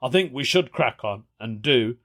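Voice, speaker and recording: A man's voice: medium pitch, big pitch swings, measured pace. A man hosting a solo podcast, chatting casually, reading a news story aloud and reacting with amused disbelief. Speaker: podcast host.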